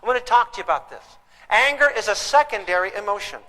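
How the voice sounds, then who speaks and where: This older man lectures live on parenting in a high-pitched, bright, forceful voice, talking fast with big swings in pitch. He tells emphatic stories and asks his audience rhetorical questions. The hall adds long reverb.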